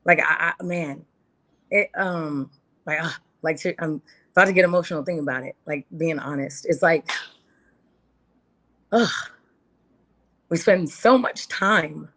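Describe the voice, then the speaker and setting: A woman's voice: deep voice, normal speed, long pauses, fairly bright tone. A woman guest talking candidly in an interview, earnest and heartfelt, repeating phrases for emphasis. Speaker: podcast guest.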